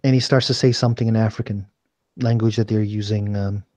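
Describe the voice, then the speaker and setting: A man's voice: fairly low pitch, steady tone, fairly quick, dark tone, no echo. A young man running a tabletop role-playing game, narrating casually with lots of fillers. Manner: casual, rambling, many fillers. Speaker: game master.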